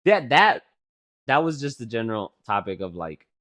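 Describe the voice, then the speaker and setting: A man's voice: mid-range voice, normal speed. A man in his twenties, a podcast co-host, telling rambling, profane stories in casual chat, full of fillers. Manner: rambling, profane, animated storytelling with many fillers.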